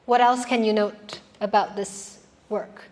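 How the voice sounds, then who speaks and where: A woman's voice: medium pitch, fairly even intonation, measured pace, darkish tone. A woman giving a classroom lecture on poetry, explaining patiently and putting questions to her students.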